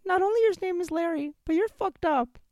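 A man voicing a nagging, bossy wife who swears and threatens in a high put-on voice. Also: a little fast, darkish tone, no room sound, clean studio sound.

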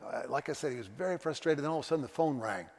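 A middle-aged pastor preaching a sermon, earnest and confessional, telling stories with voiced quotes. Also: male voice, on the high side, animated, very fast, a little mellow. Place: church sanctuary. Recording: long church reverb.

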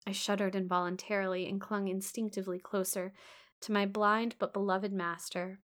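A woman reading a classic novel aloud in a soft, hushed way, now and then breaking off for casual asides. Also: medium pitch, flat delivery, moderate pace. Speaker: reader.

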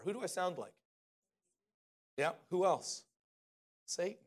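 A man preaching a conversational sermon in a lively way, often asking the audience questions. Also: fairly high pitch, moderate pace, pauses often.

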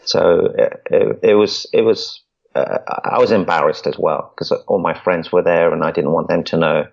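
A man's voice: sits low, fairly even intonation, normal speed, gravelly. A man, a podcast guest, telling his story in an earnest way and often repeating words as he starts a sentence. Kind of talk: storytelling interview. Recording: dull lo-fi audio.

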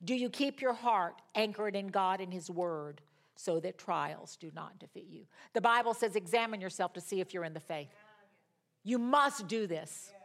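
A middle-aged woman teaching a Bible study, telling personal stories in a dramatic, expressive way. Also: medium pitch, moderate pace.

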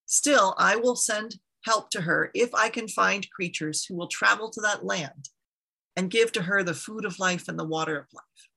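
A wise old god of the waters in a told myth, slow and measured, with a bright but husky storyteller's tone, as a woman puts him on. He weighs each word. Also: mid-range voice, exaggerated voice, poor audio. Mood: grave. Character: wise male water god, grave and deliberate.

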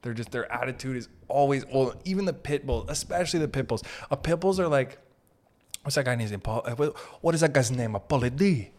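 A man's voice: mid-range voice, animated, fairly quick, darkish tone. Podcast guy rambling jokes, swears a lot, giggly, normal mid voice. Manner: giggly, profane, jumps between jokes. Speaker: podcast host. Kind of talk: rambling comedic monologue.

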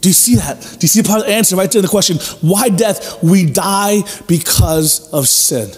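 A man's voice: sits high, moderate pace. A male pastor preaching a sermon, earnest and emphatic, repeating key phrases and asking rhetorical questions. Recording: long hall reverb with faint music.

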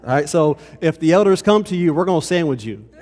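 A man's voice: on the high side, animated, quick pace, a little mellow, some chatter behind. A pastor giving a conversational sermon to his congregation, often checking in with "okay?". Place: church hall. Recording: long reverb of a hall.

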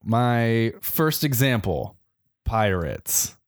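A man's voice: medium pitch, sing-song, very slow, no room sound, studio quality. A young adult man co-hosting a podcast, telling history in a casual, joking way and putting on playful voices. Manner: jokey storyteller, playful voices. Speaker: podcast co-host. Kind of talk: casual comedic chat.

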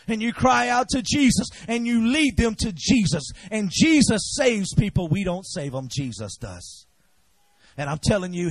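A man from preaching a fiery revival sermon, swinging from shouted exhortation to low, intense urging and leading the congregation in call-and-response. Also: slightly rough, dry recording.

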